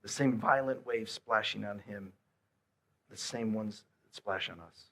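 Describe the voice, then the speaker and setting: A man preaching a sermon, swinging between hushed, quiet lines and loud, emphatic repeated questions. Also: fairly low pitch, unhurried. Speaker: pastor.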